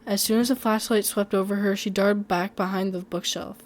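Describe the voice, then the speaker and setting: A woman's voice: mid-range voice, steady tone, brisk, few pauses, slight background noise. A woman reading a first-person horror story aloud in a conversational way, with small slips and restarts.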